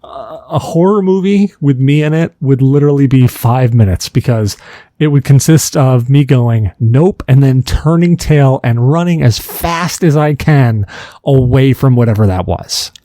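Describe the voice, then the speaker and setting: A man hosting a casual podcast chat, telling jokey stories in an animated way. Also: medium pitch, unhurried, dry recording, studio quality. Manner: animated, joking storyteller. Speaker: podcast host.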